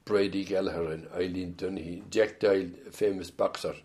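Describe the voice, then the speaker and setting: A man's voice: low voice, steady tone, a little fast, a little mellow. An older man with an Irish accent telling rambling stories in an oral history interview, full of hesitant restarts. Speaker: interviewee, former band musician.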